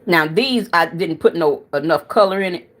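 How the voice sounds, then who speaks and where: Low-voiced woman chatting casually with viewers. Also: moderate pace, a bit bright. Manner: chatty, frank, addresses viewers as y'all. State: tired and winded. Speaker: cooking channel livestream host.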